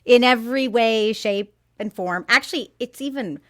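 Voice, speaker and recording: A woman's voice: a little high, normal speed, fairly bright tone. Chatty woman reviewing a film. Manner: chatty, laughs often, trails off into asides. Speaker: podcast panelist. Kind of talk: casual review chat.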